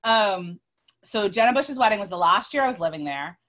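A woman in her thirties, a bit tipsy, telling a long story on a podcast in an animated, sweary way, often cutting herself off mid-word. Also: mid-range voice, brisk. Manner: animated, swears freely, self-interrupting. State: tipsy from drinking. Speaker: podcast co-host. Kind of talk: casual storytelling chat.

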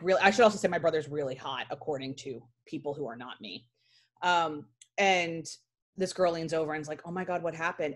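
A woman in her forties hosting a podcast, chatting casually through a story with frequent "like" fillers and lively asides. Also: lowish voice. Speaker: podcast host.

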